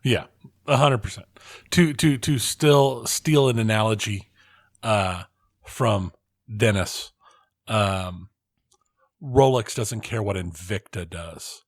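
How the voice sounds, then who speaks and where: A man co-hosting a casual podcast chat, agreeable and chatty, quick to back up his co-host. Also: fairly low pitch.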